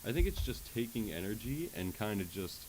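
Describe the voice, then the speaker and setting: A man with a low, deep voice talks casually through a live stream tech walkthrough. He leans on fillers and keeps checking in with his viewers as he tweaks his setup at home. A faint hiss sits under his voice. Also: sing-song, fairly quick, a little mellow. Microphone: USB microphone with headset monitoring.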